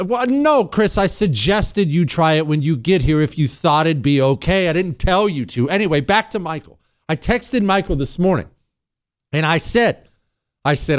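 A middle-aged man hosting a talk radio show, telling stories and riffing on the news in a sarcastic, animated way. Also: sits high, dry recording, studio quality.

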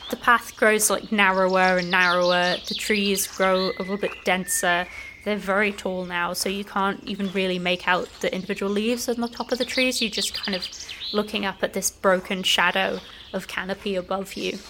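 A woman's voice: medium pitch, normal speed. Woman gm telling a forest walk, easygoing, lots of "like", faint noise under it. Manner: relaxed, descriptive, frequent "like" fillers. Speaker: game master. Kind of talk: narrating a tabletop game.

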